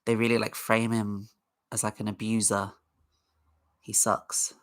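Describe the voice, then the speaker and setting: A woman's voice: a bass voice, flat delivery, unhurried. A woman hosting a casual livestream, chatting in a rambling way and greeting viewers in the chat. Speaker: livestream host.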